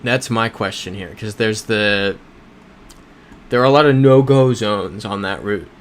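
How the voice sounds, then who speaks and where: A man with a lowish voice hosts a casual livestream from a home desk mic. He rambles, corrects himself mid-sentence and reads out viewer comments. Faint background noise hums underneath. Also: unhurried. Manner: rambling, self-correcting, chatty with chat. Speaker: livestream host playing a geography game. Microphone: desk microphone.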